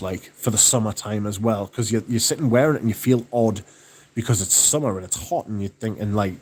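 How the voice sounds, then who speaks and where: A man hosting a livestream, chatting casually and reading out viewer comments, relaxed and enthusiastic with plenty of swearing. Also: fairly low pitch. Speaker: livestream host.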